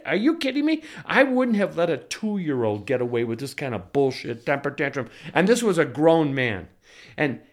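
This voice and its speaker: A man recounts a personal story with a sardonic, indignant edge, piling on wordy flourishes. His voice sits somewhat high for a man. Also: fairly bright tone. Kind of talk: conversational anecdote.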